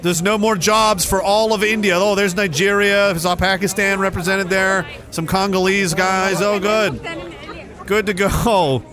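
A man's voice: high voice, fairly even intonation, unhurried, music in the background, a crowd in the background. A young adult man hosting a podcast, ranting sarcastically with profanity and rambling asides. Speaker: podcast host. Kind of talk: casual ranting commentary.

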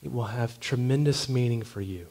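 Male pastor mid-sermon: earnest, emphatic, drops to hushed phrases. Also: medium pitch, normal speed, creaky.

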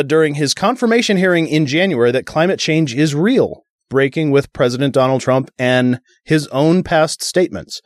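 A man's voice: fairly high pitch, no room sound. Sarcastic man reading news, dry sound. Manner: sarcastic, reads news aloud with jokes. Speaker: podcast co-host. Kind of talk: casual podcast banter.

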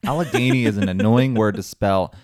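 Chatting and storytelling on a podcast, a male co-host speaks fairly quickly in a lowish, somewhat mellow voice, spinning a tale with joking asides.

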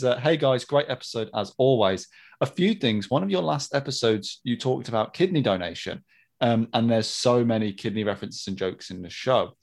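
A man's voice: mid-range voice, darkish tone. A man co-hosting a podcast, chatting and reading a listener's letter in a friendly, laughing way. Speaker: podcast co-host. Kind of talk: casual chat, reading listener mail.

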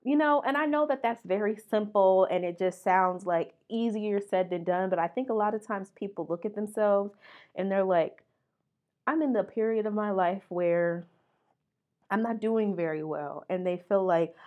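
A woman's voice: mid-range voice, normal speed, darkish tone, dull audio. A young woman hosting a podcast, talking candidly and earnestly about mental health in casual slang and getting emotional at times. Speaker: podcast host. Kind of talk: candid motivational talk.

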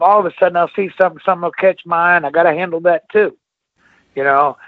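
Casting: older man, former wrestler, rambling and animated, slightly high voice, tinny phone-line sound. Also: fast talker, dry recording. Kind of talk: casual storytelling.

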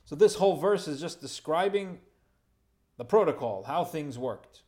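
A man's voice: on the high side, expressive, normal speed, a little mellow. A man giving a verse-by-verse Torah lesson, reading Hebrew phrases and translating them with informal asides and light humor. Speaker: Torah teacher.

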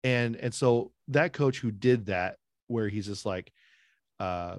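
Middle-aged male co-host, lowish voice, dry close mic, animated and opinionated. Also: slow pace, no room sound. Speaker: podcast co-host. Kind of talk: casual chat.

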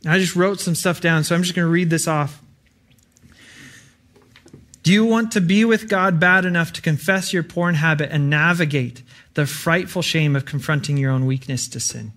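A man's voice: on the high side, moderate pace, a bit bright. A young adult man preaching an earnest, conversational sermon with frequent fillers.

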